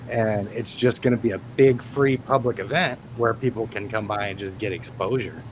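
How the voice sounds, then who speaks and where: A man's voice: fairly low pitch, normal speed, a little hiss or hum, poor audio. A man in casual live-stream chat, rambling and laughing as he tells stories from work. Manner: relaxed, rambling, laughs often. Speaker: reptile keeper and guest.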